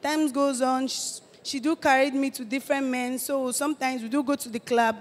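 An eighteen-year-old woman with a Nigerian accent gives a halting personal testimony, often restarting her phrases. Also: sits high, steady tone, big-room sound. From Delta State, Nigeria. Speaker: testifying church guest.

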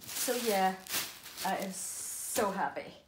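A woman's voice: mid-range voice, takes it slowly, reverberant, slight background noise. An older woman, a doll collector, chatting in a rambling, affectionate way, a little breathless. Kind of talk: casual chatty vlog. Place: room in her apartment.

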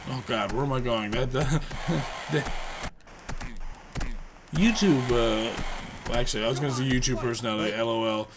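A man commentating his own video game play, joking around and bursting into loud, profane outbursts. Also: medium pitch, moderate pace, long pauses, noisy background. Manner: profane, excitable outbursts and rambling jokes. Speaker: gameplay commentator.

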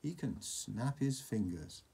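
Man reading a picture book with lively pitch. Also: slow pace, vocal fry, slightly rough. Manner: playful, chatty asides to a child. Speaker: storyteller reading to a child. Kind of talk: picture-book read-aloud.

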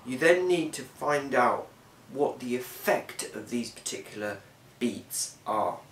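A man explaining a lesson in a measured way, often pausing with um. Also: medium pitch, expressive, fairly bright tone. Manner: measured, with frequent ums. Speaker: teacher. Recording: roomy, from a distance, faint hiss.

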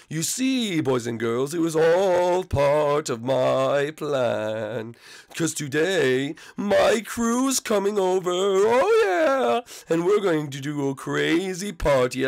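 A man voicing a sneaky, childish male ghost who schemes and speaks in a slow, drawn-out sing-song. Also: on the high side, vocal fry, heavily acted.

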